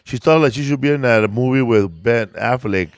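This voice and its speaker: A man's voice: medium pitch, moderate pace, clear, resonant tone, no room sound. A man co-hosting a casual TV podcast, blunt and joking, with some swearing. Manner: blunt, profane, jokey. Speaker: podcast co-host. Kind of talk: casual chat.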